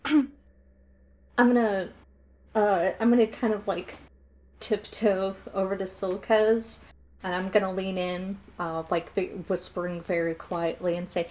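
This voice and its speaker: A woman playing in a tabletop game, talking in a rambling, halting way. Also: medium pitch, fairly even intonation, darkish tone. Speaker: player. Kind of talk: casual tabletop game chat.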